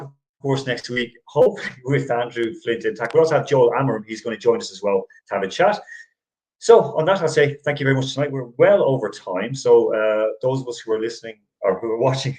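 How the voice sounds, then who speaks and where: The host here is a middle-aged man with a mid-range, darkish voice, chatting casually about sports. Rambling and quick to laugh, he restarts his sentences often, and the recording sounds rough.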